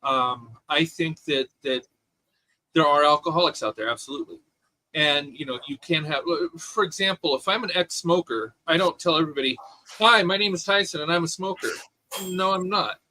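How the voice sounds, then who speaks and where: A man co-hosting a casual podcast chat, opinionated and animated, with many restarts. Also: on the high side, rough recording. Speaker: podcast co-host.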